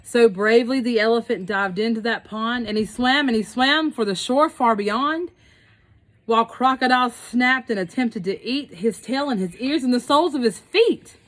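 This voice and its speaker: Woman, storybook read-aloud, rhythmic rhyming delivery, chatty asides, slightly high voice. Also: moderate pace, fairly bright tone, poor audio. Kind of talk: expressive picture-book read-aloud.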